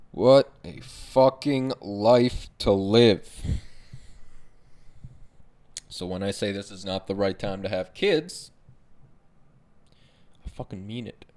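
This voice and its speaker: A young man of Arab background hosts a podcast, delivering a casual, sarcastic monologue rant full of swearing. His voice is lowish with a darkish tone.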